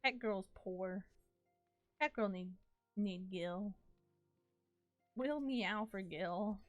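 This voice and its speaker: A woman's voice: medium pitch, drawn-out words, no echo, soft background music. A woman streaming a game live, chatting playfully with her viewers and laughing often. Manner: chats to viewers while playing. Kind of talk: casual live-stream gaming chat.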